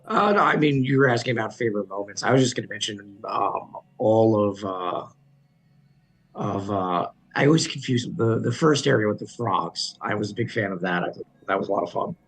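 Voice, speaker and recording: A man with a low, gravelly, husky voice speaking haltingly. He pauses with uhs while he recalls a favorite part. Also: expressive, rough recording. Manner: halting, searching for words. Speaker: player. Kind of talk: casual chat.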